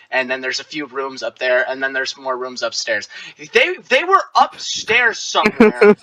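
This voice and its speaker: A man's voice: a little high, sharp tone, poor audio. A young man co-hosting a casual podcast, telling a story with lots of laughs and muttered asides. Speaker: podcast co-host.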